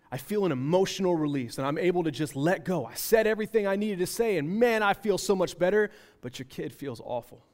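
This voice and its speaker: A young man giving a conversational sermon about parenting, animated and repeating phrases for emphasis, slipping into acted-out voices. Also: a little high. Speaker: speaker at a parenting talk.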